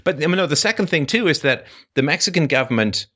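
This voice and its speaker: Lively-pitched man hosting a call-in show. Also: fast. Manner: animated, emphatic, mimics voices in quotes. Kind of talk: casual call-in conversation.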